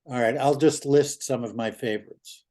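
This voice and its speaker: A man's voice: medium pitch, normal speed, mellow. A man in his seventies from New York, a guest chatting casually in an interview and talking bluntly, with some swearing. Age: 70s.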